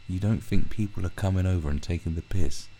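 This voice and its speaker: A man's voice: low-pitched, a little fast, dark tone, a little hiss or hum. A man ranting through a commentary video, swearing heavily and often restarting his sentences. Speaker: commentary vlogger.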